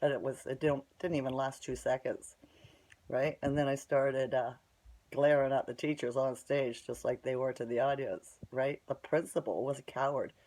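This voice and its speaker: A woman's voice: extremely low pitch, flat delivery, moderate pace, darkish tone. A woman telling a long story in a casual, rambling way, bluntly scornful and tagging her sentences with "right?". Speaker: vlogger.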